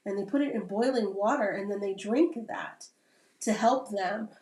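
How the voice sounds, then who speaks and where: Woman, Navy veteran, casual rambling chat with constant "right?" tags, pitched mid-range, recorded off-mic in an echoing room. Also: normal speed, a little mellow. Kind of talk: casual podcast conversation. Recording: roomy sound from a distant mic.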